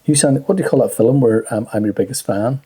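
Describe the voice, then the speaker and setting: A man's voice: mid-range voice, dark tone, breathy edge. A man with a Northern Irish accent co-hosting a casual podcast, teasing and bantering with his co-host. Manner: teasing, joking, quick to banter. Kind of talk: casual chat.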